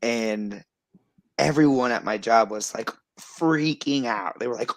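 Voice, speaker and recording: A man's voice: mid-range voice, moderate pace, no room sound. Guy in his 30s telling a story, dry close sound, lots of likes and ums. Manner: animated storytelling, lots of fillers. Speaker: guest. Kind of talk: casual chat.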